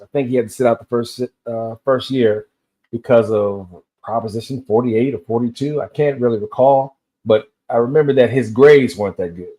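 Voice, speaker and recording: A man's voice: medium pitch, darkish tone. A man in his fifties from Tennessee, rambling through a solo rant and telling loose stories that drift between tangents. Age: 50s. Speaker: vlogger.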